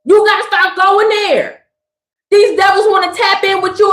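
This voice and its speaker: High-pitched lady preaching on a live stream, emphatic and slangy, roomy echo. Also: fairly even intonation, moderate pace, fairly bright tone, slight background noise. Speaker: spiritual reader. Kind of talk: live-stream spiritual message.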